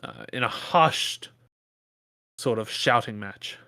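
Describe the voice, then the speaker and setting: A man's voice: mid-range voice, lively intonation, takes it slowly, pushed and bright, no room sound. A man narrating as game master in a casual, hesitant way, with plenty of fillers.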